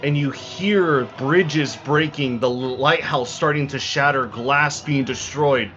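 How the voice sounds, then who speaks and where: A man running a tabletop game as game master, narrating dramatically and slowing down for effect, with frequent restarts. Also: mid-range voice, fairly bright tone. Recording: dull lo-fi recording, faint music.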